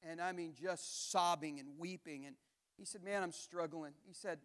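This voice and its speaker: A male pastor with a notably high-pitched voice, preaching in a conversational, earnest manner. He stumbles into repeated words and restarts as he tells a personal story to his congregation. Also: normal speed, a bit bright, clear, resonant tone. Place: church camp gathering.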